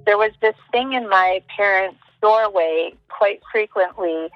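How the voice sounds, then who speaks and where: A woman telling a personal story in a relaxed, thoughtful way. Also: medium pitch, a little slow, no echo, muffled recording, soft background music. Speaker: podcast guest, psychic. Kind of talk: casual storytelling.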